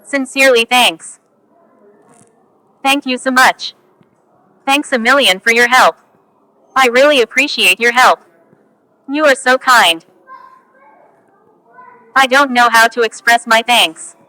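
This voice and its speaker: Woman reading english phrases for learners, slow and careful, dry close sound. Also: a little high, pushed and bright, no room sound, rough recording. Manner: slow, careful, each phrase spoken on its own. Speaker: English teacher.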